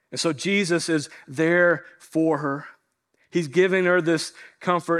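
Male pastor, fairly high voice, earnest sermon delivery that slows to land each point. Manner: earnest, slows down to stress key lines.

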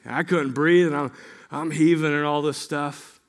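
A man preaching a sermon as pastor, earnest and conversational, often checking in with "right?" and growing quiet and gentle as he leads prayer. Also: on the high side, fairly even intonation. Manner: earnest, repeats key phrases, asks "right?"; turns quiet and slow while leading prayer.

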